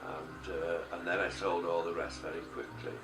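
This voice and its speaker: Low-voiced older man. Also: moderate pace. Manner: animated storyteller acting out quoted voices. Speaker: art gallery owner. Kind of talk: anecdotal interview storytelling. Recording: echoey room, far from mic, music behind.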